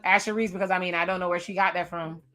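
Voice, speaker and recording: A woman's voice: on the low side, steady tone, fast talker, pushed and bright. A young woman giving casual, gossipy commentary while reacting to a reality show, laughing often. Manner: chatty, laughing, gossipy recaps and quotes. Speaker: reaction video host.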